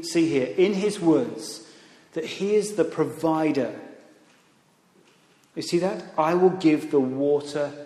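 A man preaching a sermon in a church, animated, with conversational asides and rising emphasis. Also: on the high side. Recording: echoey hall, long reverb.

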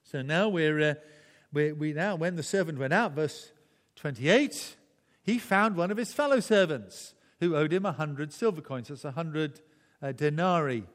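A man preaching a sermon in a relaxed, conversational way, often restarting phrases and chuckling. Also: on the high side, unhurried, in a large hall.

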